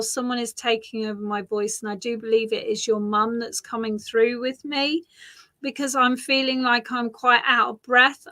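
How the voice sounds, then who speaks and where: Woman, psychic reader, bright forward tone, gentle reassuring delivery, soft repeats. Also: a little high. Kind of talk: live psychic reading.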